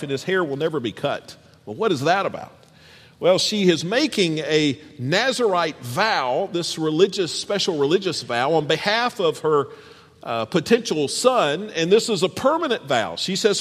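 A man preaching a sermon as pastor. He reads scripture aloud and speaks straight to the congregation in an animated way. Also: on the high side, normal speed, husky. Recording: long hall reverb.

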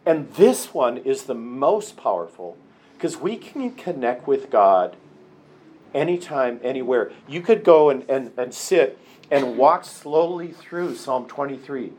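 A man leading a prayer workshop with a group, talking conversationally, with restarts and slow emphasis. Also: mid-range voice, very animated, a little mellow. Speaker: workshop leader. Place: meeting room with a group.

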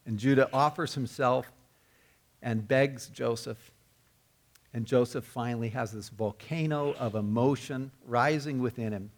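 A man's voice: mid-range voice, unhurried. A man preaching a sermon, telling the story earnestly and often repeating or restarting his words. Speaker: pastor.

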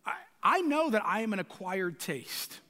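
A man preaching a sermon as pastor, loud and passionate, often shouting for emphasis. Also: sits high, big pitch swings, normal speed, long reverb tail.

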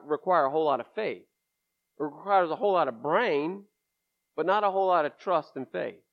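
High-voiced preacher, lo-fi. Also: male voice, creaky. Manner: folksy, candid, emphatic asides. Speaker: pastor. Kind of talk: conversational sermon. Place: church sanctuary. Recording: dull lo-fi sermon recording.

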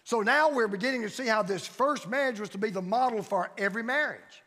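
A man's voice: high voice, fairly quick, a bit bright, big-room sound. A man preaching a sermon as pastor in a church, building his points through emphatic, repeated phrases. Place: church sanctuary.

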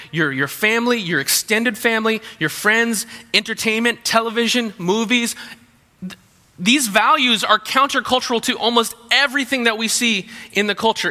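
A man preaching a sermon with a sharp, very bright tone and a slightly high voice. He talks in a conversational way, restarting phrases and slipping in humorous asides. His voice carries a long reverb from a large hall. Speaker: pastor.

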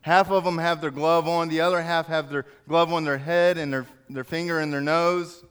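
A man preaches in a smooth, resonant voice pitched a little high. He tells stories with animation and acts out the yelling crowds. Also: steady tone, moderate pace. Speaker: speaker in a church service. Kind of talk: sermon with storytelling.

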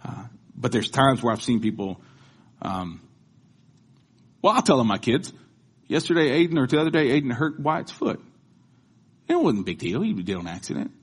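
Husky-voiced man preaching a sermon. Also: medium pitch, big pitch swings, normal speed, pauses often. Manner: conversational preaching that builds into rhythmic proclamation. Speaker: pastor.

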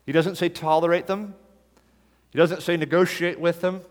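A man's voice: fairly high pitch, normal speed, in a large hall. A man preaching a sermon, pressing his points with emphatic, repeated commands. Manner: emphatic, hammering repeated imperatives. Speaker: pastor.

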